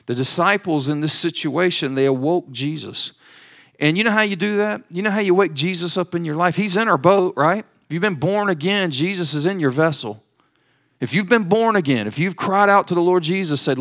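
A man delivers a sermon in a slightly raised voice. He swings between quiet explanation and bold, emphatic declarations, sometimes voicing heartfelt pleas in prayer. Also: high-pitched, fairly quick. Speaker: pastor.

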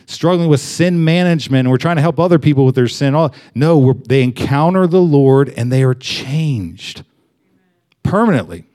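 A man's voice: mid-range voice, darkish tone. Casual-talking young man preaching. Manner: conversational, with many fillers and restarts. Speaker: pastor. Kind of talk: sermon.

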